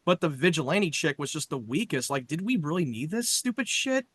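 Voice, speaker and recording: A man's voice: fairly high pitch, sing-song, a little fast, a bit bright, husky, dry recording. A man co-hosting a casual chat, blunt and critical, swearing casually. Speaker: podcast co-host.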